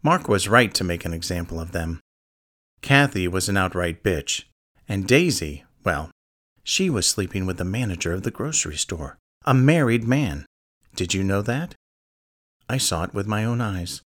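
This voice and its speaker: A man's voice: deep voice, expressive, moderate pace, a bit bright. A man voicing a creepy grown man who admires a killer, speaking in an insinuating, mocking way. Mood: scornful. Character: creepy grinning adult man, fan of murders. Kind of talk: audiobook character reading.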